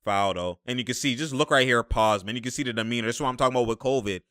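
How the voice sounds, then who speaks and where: A young man talking casually and excitably as he reacts to basketball footage, laughing and using slang. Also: medium pitch, rapid-fire, dry recording, studio quality. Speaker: sports commentator reacting to game footage. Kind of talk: casual live game reaction.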